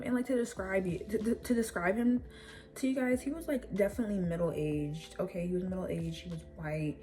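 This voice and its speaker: A young woman vlogger telling a story casually, animated and rambling with lots of fillers and swearing. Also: medium pitch, fairly quick.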